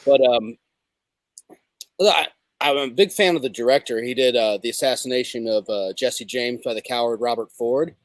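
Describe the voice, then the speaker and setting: A man's voice: medium pitch, normal speed, no echo. A man hosting a casual comedic livestream, rambling and hesitant, with lots of fillers. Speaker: show host.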